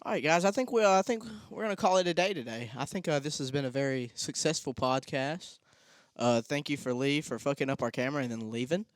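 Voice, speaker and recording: Young man co-hosting a podcast, loose and profane, smooth voice, dry sound. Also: medium pitch, fast talker, no echo. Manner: rambling, swears a lot, frequent restarts. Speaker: podcast co-host. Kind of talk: casual storytelling chat.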